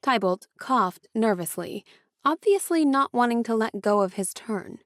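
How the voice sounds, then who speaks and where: A woman's voice: medium pitch, a little slow, dry recording. Woman narrating an audiobook, dry close sound.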